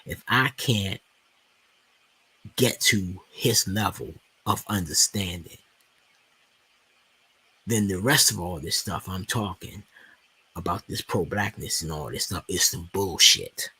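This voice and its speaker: Dc guy in his 40s, raspy, kinda gravelly, going off on a rant, cussing, keeps restarting. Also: deep voice, slow pace, pauses often, bright, forceful tone, no room sound. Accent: Washington DC. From Washington DC, USA. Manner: heated, profane storytelling with many restarts. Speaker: stock market video host. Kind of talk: casual ranting monologue.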